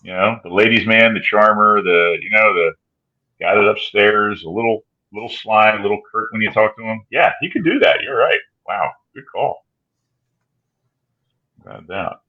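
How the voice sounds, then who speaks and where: A low-pitched man with a bright, husky voice muses through a casual chat. He hedges his points with "I mean." The recording sounds dull and lo-fi. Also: normal speed. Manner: musing, hedging with "I mean". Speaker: podcast co-host.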